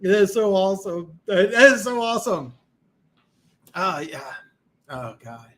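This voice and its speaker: Male streamer, tired and hoarse, rambling, boastful, slightly high voice. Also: lively intonation, unhurried, a bit bright. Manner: rambling, boastful, many restarts. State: tired, losing his voice. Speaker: host. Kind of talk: live-stream football talk, reading comments.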